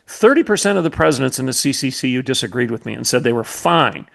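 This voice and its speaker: A man's voice: medium pitch, lively intonation, fast talker, creaky. A middle-aged man hosting a podcast, delivering an impassioned commentary monologue with an emphatic, repetitive, preacherly cadence. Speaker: podcast host, former college president.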